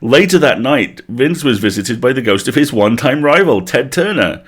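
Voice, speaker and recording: A man's voice: medium pitch, animated, moderate pace, hardly any pauses, husky. Playful man reading a comic story aloud. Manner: playful, breaks off to laugh and comment. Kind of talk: comic live-stream reading with character voices.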